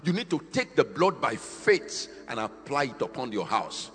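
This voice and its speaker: A man preaching a fiery sermon, swinging between shouted, half-sung peaks and quieter, slower stretches. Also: mid-range voice, sing-song, husky, long reverb tail.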